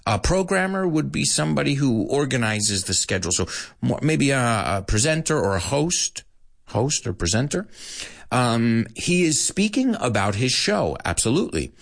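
Lively man teaching an online English class. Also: medium pitch, normal speed, creaky. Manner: animated, playful, switching into Spanish asides. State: out of breath at times. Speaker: English teacher hosting a live stream. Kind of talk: live-streamed language lesson.

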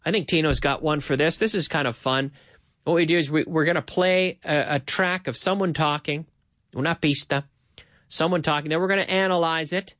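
A man with a slightly raised voice hosts a relaxed English lesson. He explains things slowly, repeats key phrases, and adds Spanish translations. His voice sounds dry, with no room sound. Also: on the high side, dry recording. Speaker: English teacher host. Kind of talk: casual language lesson.

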